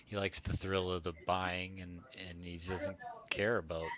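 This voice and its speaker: A man's voice: sits low, flat delivery, measured pace. A man chatting as a guest on a casual livestream, hesitant and trailing off, laughing easily. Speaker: stream guest. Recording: noticeable background noise.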